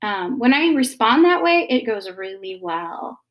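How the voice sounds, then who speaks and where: Woman in her 30s chatting about parenting, soft and rambly, kinda high voice. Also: sing-song, unhurried. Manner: gentle, many fillers and restarts. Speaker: mother giving parenting advice. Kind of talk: casual advice talk.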